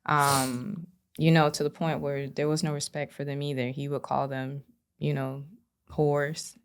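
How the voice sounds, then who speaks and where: A low-pitched woman with a gravelly edge to her voice talks candidly as a podcast guest. She is middle-aged and speaks earnestly, filling her sentences with "you know" as she recounts what happened to her. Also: little pitch movement, unhurried, a little hiss or hum. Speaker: podcast guest, abuse survivor. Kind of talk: candid personal storytelling.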